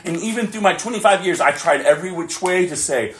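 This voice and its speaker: A male pastor preaching a sermon with passion, laughing often and swinging between shouts and hushed whispers. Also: high voice, expressive, fast talker, a little hiss or hum.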